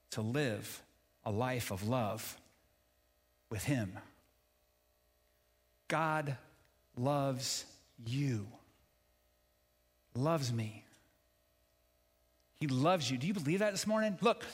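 Preacher in a reverberant hall. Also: male voice, on the high side, fairly bright tone. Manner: preaching with rising emphasis and call-and-response. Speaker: pastor. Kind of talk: sermon.

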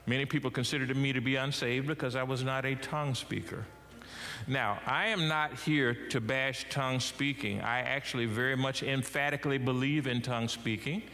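A middle-aged man preaching a sermon as pastor, swinging his pitch and loudness widely as he talks. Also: steady tone, normal speed. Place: church sanctuary. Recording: church hall with long reverb.

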